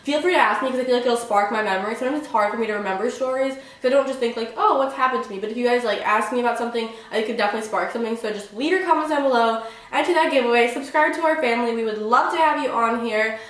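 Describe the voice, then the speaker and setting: A young woman rattles off a dramatic storytime at a fast clip, her voice sitting a little high. She piles "like" into nearly every phrase. The sound is very echoey and the mic sits some distance away. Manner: chatty, fills every phrase with "like"; excitable, dramatic retelling. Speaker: vlogger. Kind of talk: casual storytime vlog.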